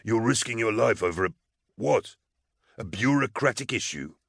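A man voicing a calm condemned male prisoner who speaks in a placid, reasoned, quietly detached way. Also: mid-range voice, normal speed, vocal fry, husky, no echo, studio quality, pitched above the performer's own voice, heavily acted.

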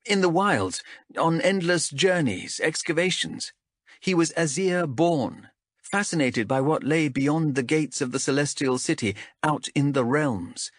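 A man's voice: a little high, animated, measured pace, no echo, studio quality, pitched above the performer's own voice. A male narrator voicing a stubborn young woman explorer who speaks earnestly and defensively in a raised voice. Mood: wistful. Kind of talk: audiobook character voice.

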